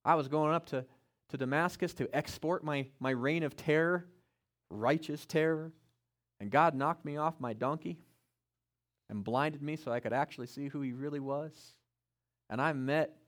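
A male pastor preaching with a high voice that swings widely from low asides to soaring peaks. He speaks in the first person for the figures in his text and climbs louder as his point builds. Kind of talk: sermon.

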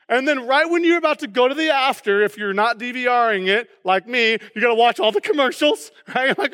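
A man delivers a sermon. He is animated, acts out excited reactions and keeps checking in with "right?" and "okay?". His voice carries with a long hall reverb around it. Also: extremely high pitch, quick pace, few pauses. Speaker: pastor. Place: church hall.

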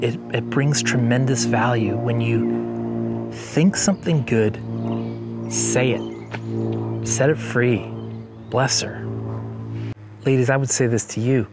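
A man preaching a sermon as pastor, conversational and joking, slowing down to stress key points. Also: medium pitch, vocal fry. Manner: conversational and joking, slows down for emphasis. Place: church service.

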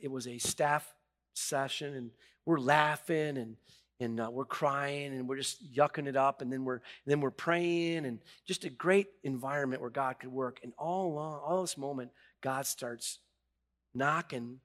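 A middle-aged man, a pastor preaching a sermon, who swings from hushed confession to loud, rising emphasis and halts and repeats words when moved. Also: medium pitch, measured pace.

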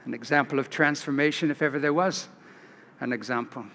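A man from California, a pastor giving an expressive storytelling sermon with restarts and asides. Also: mid-range voice, brisk, slight background noise. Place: large church. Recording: long church reverb.

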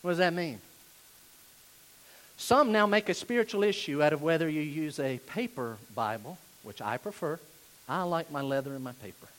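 A man from North Carolina, preaching a sermon emphatically and dropping from loud declarations to hushed asides. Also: a little high, slight background noise, poor audio. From Asheville, North Carolina, USA. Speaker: pastor.

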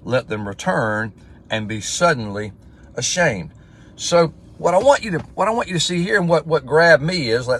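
A man's voice: medium pitch, fairly bright tone, breathy edge. A man giving a casual livestream devotional as pastor, talking in a conversational way and reading scripture aloud with emphasis.

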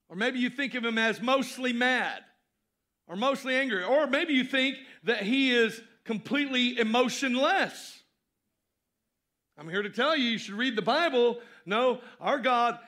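A man with a very high, bright voice delivers a sermon at an unhurried pace. He leans hard on key phrases, repeating them, and lets his voice climb for emphasis before dropping low again. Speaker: pastor.

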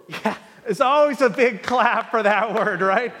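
A male pastor giving an animated sermon to a congregation, acting out quoted voices for humor. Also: high-pitched, unhurried, hardly any pauses. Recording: hall with long reverb.

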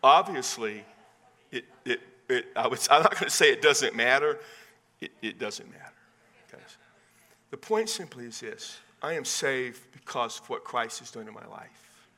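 A man with a Texan accent preaching a sermon as pastor, conversational and animated, with casual asides. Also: medium pitch, unhurried. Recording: long hall reverb.

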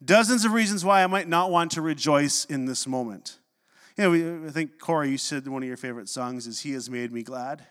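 A man preaching a sermon, telling stories with animated delivery and dropping low and slow for scripture quotes. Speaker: pastor. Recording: long reverb of a hall.

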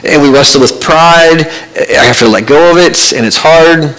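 A man's voice: on the high side, a bit bright, low-quality recording. Earnest male pastor preaching. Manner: earnest, conversational preaching with pauses. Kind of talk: sermon.

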